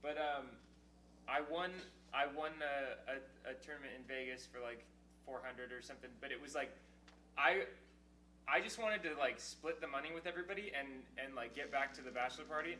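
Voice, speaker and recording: A man's voice: medium pitch, a little fast, pushed and bright. Rambling young man, distant mic. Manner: rambling storyteller with many false starts. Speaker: podcast co-host. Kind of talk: casual chat. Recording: distant mic in an echoey room with faint hum.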